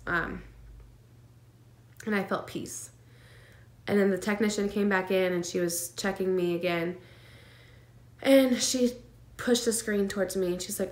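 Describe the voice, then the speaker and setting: A woman's voice: mid-range voice, steady tone, unhurried, long pauses. A woman vlogging about her pregnancy, telling a personal story in an earnest, emotional way with lots of fillers and nervous laughs. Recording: echoey room.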